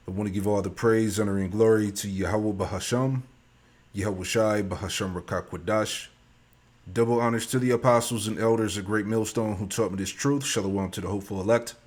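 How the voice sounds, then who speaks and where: A man hosting a religious talk, reading scripture and commenting in a casual way. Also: on the low side. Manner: reads scripture, casual slang. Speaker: religious teacher.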